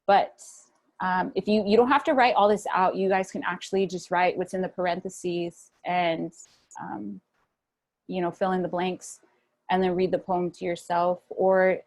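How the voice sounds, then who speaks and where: A young woman speaking casually to an online audience over a video call from a room at home, relaxed and chatty, with many fillers and restarts. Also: on the low side, moderate pace. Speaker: guest speaker at a wellness webinar. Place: home room with a fan running.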